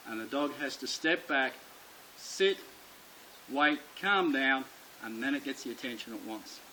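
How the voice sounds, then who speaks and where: A man's voice: medium pitch, unhurried, pushed and bright, a little hiss or hum, rough recording. Blunt, emphatic male dog trainer. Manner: blunt, emphatic, repeats key points. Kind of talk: instructional explanation to camera.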